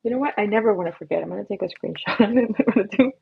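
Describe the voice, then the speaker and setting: A woman's voice: mid-range voice, very fast, creaky, breathy edge, no echo, narrow, tinny audio. A young woman hosting a casual drawing livestream, chatty and giggly, laughing at her own doodles as she talks. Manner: giggly, chatty, self-mocking.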